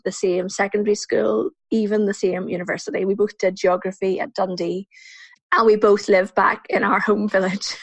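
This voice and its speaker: Recorded on a USB desk microphone at home with no echo, this Northern Irish woman in her forties speaks in a mid-range voice. As a solo podcast host, she answers listener questions warmly and chattily, breaking into frequent laughter.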